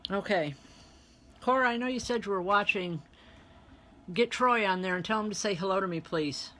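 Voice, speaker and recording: A woman's voice: mid-range voice, normal speed, fairly bright tone. A woman reverend working as a medium, giving a live online spiritual reading and talking chattily to viewers as she relays spirit messages.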